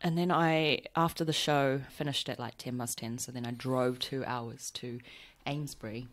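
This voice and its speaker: A man's voice: medium pitch, fairly even intonation, normal speed, a bit bright. A man hosting a podcast, chatting casually with a guest in a friendly, giggly, playful way. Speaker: podcast host. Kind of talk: casual conversational interview.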